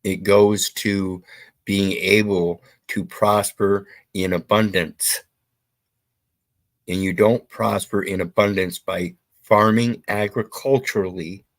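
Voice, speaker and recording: A man's voice: on the low side, no room sound. A man hosting opinionated commentary, blunt and preachy with some profanity. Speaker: commentary host.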